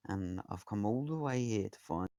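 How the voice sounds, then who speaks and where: A man's voice: lowish voice, lively intonation, moderate pace, warm tone, dry recording, studio quality. A man voicing a small, twitchy, nervous male goblin who talks hesitantly. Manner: hesitant, mumbling.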